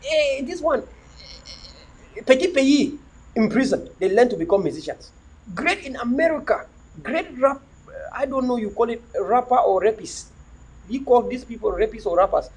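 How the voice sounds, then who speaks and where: A middle-aged man holds forth on his livestream in a very high, husky voice. He preaches and repeats himself, firing off rhetorical questions in a lively, swinging delivery. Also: moderate pace, pauses often, rough recording. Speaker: livestream host. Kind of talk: impassioned livestream monologue.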